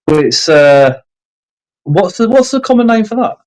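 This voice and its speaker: A man's voice: high voice, sing-song, darkish tone. A man chats casually on a livestream from his mobile phone. He stumbles, repeats himself and drags out difficult names syllable by syllable. The sound is a plain phone call. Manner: stumbling, repeats words, slows over hard names. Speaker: livestream host. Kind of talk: casual chat. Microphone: phone on a video call.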